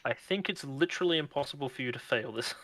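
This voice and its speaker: A man narrating as game master on a video call, describing the action in a relaxed way and laughing often. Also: medium pitch, fast, crowd noise, rough recording.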